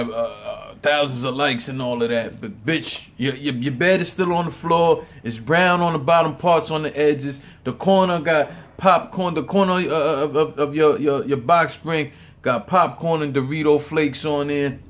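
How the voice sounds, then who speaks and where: A man giving casual, profane opinion commentary on a battle rap, stumbling over repeated words and laughing often. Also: on the high side.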